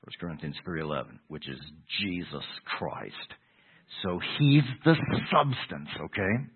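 A man preaching a sermon in a conversational way, restarting phrases and moving between loud emphasis and quiet asides. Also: deep voice, sing-song, a little slow, breathy edge. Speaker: pastor. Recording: tinny phone-like sound.

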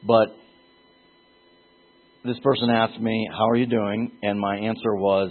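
A man teaching from the Bible in a conversational sermon, rising in pitch and force when he drives a point home. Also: flat delivery, unhurried, pauses often. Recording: phone-like lo-fi audio.

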